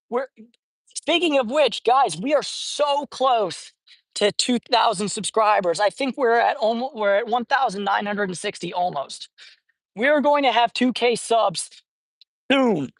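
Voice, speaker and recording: Outdoors at a cat colony, a young male livestream host feeds stray cats while chatting casually with viewers. His very high voice comes through dry and close as he jokes playfully, greets chat, and laughs often.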